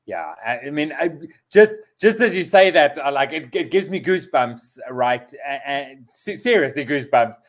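A male host of a live interview who speaks haltingly, with many restarts, and enthusiastically. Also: on the high side, big pitch swings.

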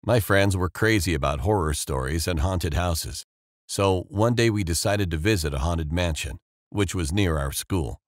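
Deep-voiced man narrating a scary story. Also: no room sound, studio quality. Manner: steady, measured storytelling. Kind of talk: scripted first-person story narration. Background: faint background music.

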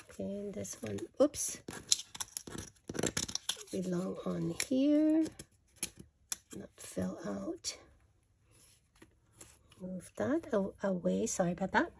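A woman's voice: medium pitch, animated, slow pace, vocal fry, long pauses, background noise. A woman vlogger showing off her craft paper haul in a chatty, gushing way, correcting herself as she goes. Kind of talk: casual show-and-tell.

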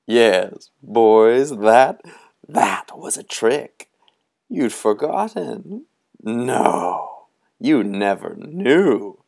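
A man voicing a tall, bony, laughing old male specter, booming and theatrical with drawn-out words. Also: very animated, vocal fry, darkish tone, full character voice. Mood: gleeful.

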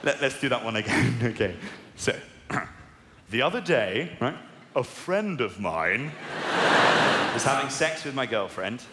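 Onstage in a large arena, a stand-up comedian from England in his twenties, with a posh southern English accent, performs a self-mocking routine with sudden high, squeaky outbursts. He's animated yet measured in pace, with long pauses. The live arena recording carries long reverb and crowd noise.

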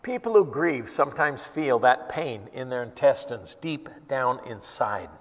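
A man preaching a sermon as a pastor, earnest and emphatic, dropping to a hush and acting out quotes with feeling. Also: medium pitch, lively intonation, unhurried. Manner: earnest, swings between hushed and emphatic, acts out quotes. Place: church hall. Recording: long reverb of a church hall.

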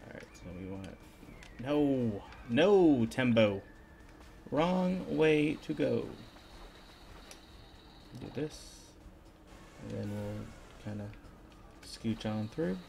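A man narrating his own gameplay in a slow, laid-back, half-mumbled way. His pitch jumps around a lot, with a gravelly texture. Faint game music plays behind him. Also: darkish tone, slight background noise. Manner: casual, half-mumbled, self-talking. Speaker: gaming video host. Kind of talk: let's-play commentary.

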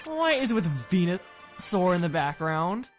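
A woman giving casual, excitable commentary while playing a video game with a friend, shouting at the screen. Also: on the low side, measured pace, faint music behind. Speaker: let's play co-host.

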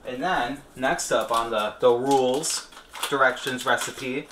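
A man's voice: mid-range voice, fairly even intonation, a little slow, background noise. A man filming a casual vlog at home, joking and laughing as he cooks with a handheld camera. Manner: playful, laughs often. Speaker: vlogger. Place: home kitchen.

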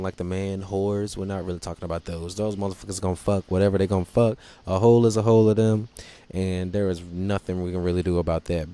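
A man's voice: lowish voice, dark tone. A young man hosting his own podcast, chatting casually in a blunt, profane, joking way. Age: young adult. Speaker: podcast host. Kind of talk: casual solo chat.

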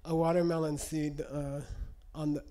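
Male speaker, slightly raised pitch, teaching a room casually. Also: little pitch movement, normal speed, warm tone. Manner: conversational teaching, frequent "okay?" check-ins. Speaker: lecturer. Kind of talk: live lecture to an audience. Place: lecture room.

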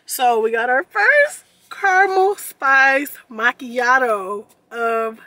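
A woman's voice: high voice, expressive, slow, sharp tone, no room sound, poor audio. A young woman in her twenties chatting bubbly and casually to the camera as a vlogger, in her car and then a store. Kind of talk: casual vlog chat.

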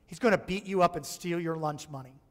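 High-voiced pastor preaching in a reverberant church. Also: male voice, fairly quick. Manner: conversational and humorous, acts out voices in his stories. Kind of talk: sermon. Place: church sanctuary. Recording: church live stream with long hall reverb.

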